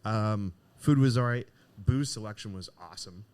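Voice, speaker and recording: Man, middle-aged, low voice, lively storyteller in casual podcast chat. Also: normal speed, clear, resonant tone. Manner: animated, acts out the voices in his story. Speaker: podcast co-host. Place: cigar shop.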